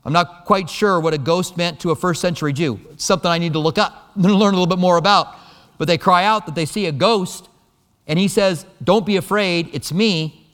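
A fairly high-voiced man preaching to a congregation, telling the story with lively emphasis. His voice carries a long reverb tail through a church hall. He shifts from quiet, slow passages to bursts of energy. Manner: animated storytelling, shifting between soft and emphatic. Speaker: pastor. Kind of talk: sermon.

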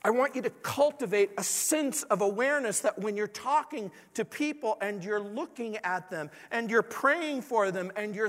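A man's voice: sits high, fairly bright tone. A man preaching a sermon as a pastor, earnest and pleading, with many rhetorical questions. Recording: long hall reverb.

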